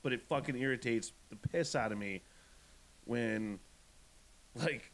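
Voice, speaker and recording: A man hosting a podcast, telling a story in a profane, animated, ranting way. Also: medium pitch, unhurried. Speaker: podcast host. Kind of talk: casual podcast chat.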